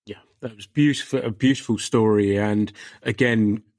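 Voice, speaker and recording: A man hosting a podcast interview, asking his guest questions in an appreciative, gently leading way. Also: on the low side, fairly even intonation, moderate pace, no echo, studio quality. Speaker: podcast host.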